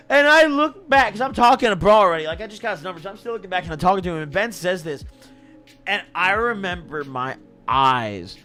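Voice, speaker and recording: Animated, bright-voiced young man storyteller. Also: fairly high pitch. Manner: animated, slangy, laughs through his story. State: intoxicated. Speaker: streamer. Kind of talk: casual storytelling on stream.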